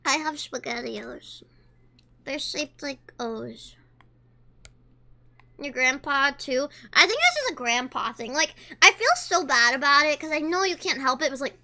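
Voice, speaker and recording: A woman's voice: high-pitched, sing-song, unhurried, long pauses, pushed and bright. A woman streamer chatting casually with her chat, reading messages aloud and talking while she eats. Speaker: livestreamer.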